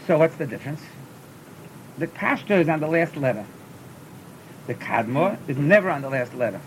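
A man, teaching a class on chanting scripture. He stumbles and repeats words as he explains, and breaks into short chanted examples. A faint rumble hums under the recording. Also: expressive, moderate pace, poor audio. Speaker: teacher of Torah cantillation. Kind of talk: classroom lesson.

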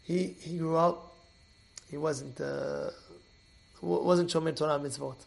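A man teaching a Torah class as an animated storyteller who repeats and restarts his phrases. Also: fairly high pitch, a little slow, vocal fry.

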